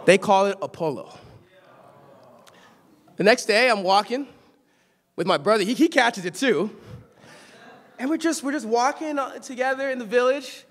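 High-voiced young preacher from Los Angeles. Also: male voice, lively intonation, normal speed, pauses often. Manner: storytelling, swings from quiet asides to shouted exhortation. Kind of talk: sermon. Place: church sanctuary.

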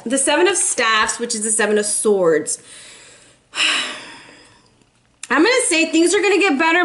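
Woman tarot reader, casual chat to camera, encouraging, somewhat high voice, a little teary. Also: very animated, moderate pace, pauses often, fairly bright tone, slight background noise. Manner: chatty, encouraging, calls viewers baby. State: emotional, close to tears.

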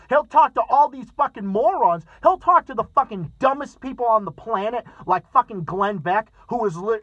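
Angry guy ranting politics, high voice, swears a ton, stammers, dull dry lo-fi audio. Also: fairly bright tone, no room sound. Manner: angry, heavily profane, stammering. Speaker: political commentator. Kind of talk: ranting commentary vlog.

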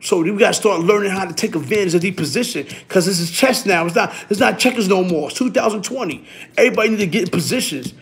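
A middle-aged man, telling stories in a casual, animated way, full of street slang and repeating himself. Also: high-pitched, fast, creaky. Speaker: interviewee. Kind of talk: casual storytelling.

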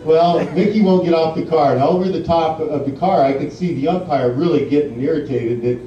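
A man's voice: a little high, fairly quick, dark tone, slight background noise. Man telling stories in an echoey hall. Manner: rambling anecdotes, many fillers, laughs at his own stories. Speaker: guest speaker at an induction ceremony. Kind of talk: storytelling speech. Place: large banquet hall. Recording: distant, muffled, echoey hall recording.

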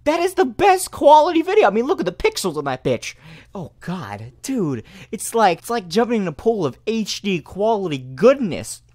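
A man's voice: high voice, big pitch swings, normal speed, a little mellow, no echo. A young man doing sarcastic reaction commentary on a video, mocking and swearing, repeating himself as he talks, into a close mic. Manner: mocking, swearing, repetitive restarts.

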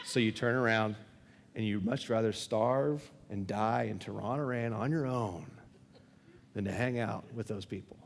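A man's voice: on the low side, normal speed, creaky, slight background noise. A man preaching a sermon as pastor, telling a story conversationally and often restarting his phrases. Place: church sanctuary. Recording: long church hall reverb.

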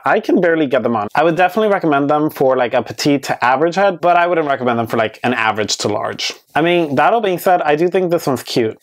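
A man giving a casual, candid review on his vlog, chatty and hedging with many fillers, with playfully sassy asides. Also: fairly high pitch. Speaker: beauty vlogger reviewing wigs. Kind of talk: casual product review chat.

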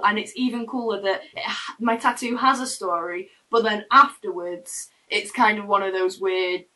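Chatty woman with a bright voice. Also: a little high, distant mic, low-quality recording. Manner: rambling, chatty, restarts often. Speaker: vlogger. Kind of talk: casual personal storytelling to camera. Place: her room. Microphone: camera mic.

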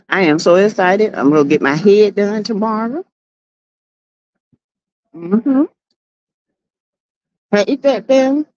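A woman's voice: mid-range voice, a little mellow, no room sound, lo-fi sound. A woman with a Southern US accent hosting a casual livestream, greeting viewers by name in a sassy way. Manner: sassy, greets chat by name, drawn-out exclamations. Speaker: livestream host.

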